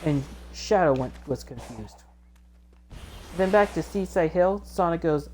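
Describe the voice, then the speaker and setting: A woman's voice: lowish voice, lively intonation, measured pace, a little mellow, a little hiss or hum. A woman hosting a let's play video, recapping game scenes in a rambling, self-correcting way and acting out quotes.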